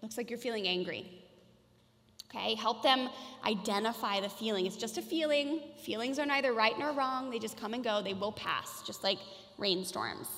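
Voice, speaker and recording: Woman, high voice, casual parenting workshop talk, lots of "like", long hall reverb. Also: animated, normal speed, a bit bright. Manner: casual, chatty, many "like" and "you guys". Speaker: parenting educator.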